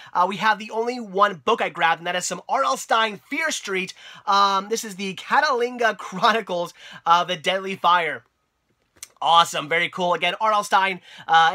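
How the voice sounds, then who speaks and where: A man's voice: high-pitched, bright, forceful tone. A young man with a head cold, sounding congested, chatting upbeat about his finds, with lots of fillers and restarts. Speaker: video host and collector. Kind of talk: casual vlog narration.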